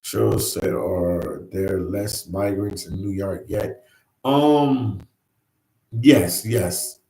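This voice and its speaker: Casting: laid-back male livestream host, lowish voice, echoey room, chats loosely with viewers. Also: very slow, mellow. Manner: easygoing, repeats phrases, says "man" often. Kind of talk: casual live chat. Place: New York.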